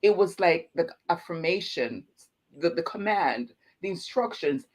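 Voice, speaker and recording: Earnest, lower-voiced woman guest. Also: expressive, unhurried, a little mellow. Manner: earnest and emotional, repeats phrases for emphasis. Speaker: guest speaker. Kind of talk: personal testimony in interview.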